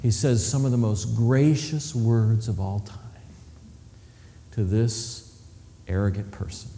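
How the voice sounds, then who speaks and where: A male preacher giving a sermon, telling the story with animated delivery and acting out scenes. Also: fairly low pitch, slow, gravelly. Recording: long hall reverb.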